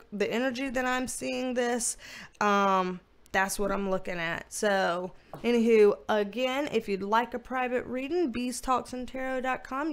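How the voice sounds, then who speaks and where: Woman, high voice, slow easy delivery, chatty and rambling. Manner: chatty, rambling, doting baby talk with her dogs. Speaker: tarot reader. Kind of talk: casual vlog talk. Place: at home.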